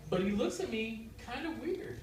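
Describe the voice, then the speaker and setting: A young man with an American accent performing a stand-up set, telling his stories deadpan and breaking into sudden loud outbursts. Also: very high voice, normal speed. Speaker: stand-up comedian. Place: comedy club stage. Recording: echoey club room from far off, noisy. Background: audience laughter.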